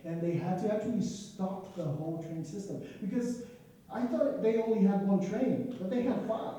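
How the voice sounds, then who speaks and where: A young man with an African accent telling his own story to a live audience, animated, laughing often and acting out what people said. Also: sits high, normal speed. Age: young adult. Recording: echoey room picked up from a distance.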